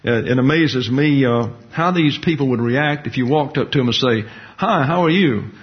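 Folksy male pastor preaching in a church, lo-fi recording, mid-pitched voice. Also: normal speed. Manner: folksy, jokey asides with acted-out quotes. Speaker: pastor-teacher. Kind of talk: sermon. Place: church hall with a congregation. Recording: dull lo-fi sermon recording.

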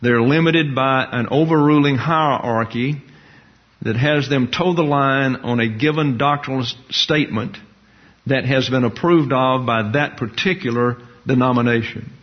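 Folksy male pastor preaching in a church, lo-fi recording, mid-pitched voice. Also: normal speed. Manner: folksy, jokey asides with acted-out quotes. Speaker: pastor-teacher. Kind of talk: sermon. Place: church hall with a congregation. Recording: dull lo-fi sermon recording.

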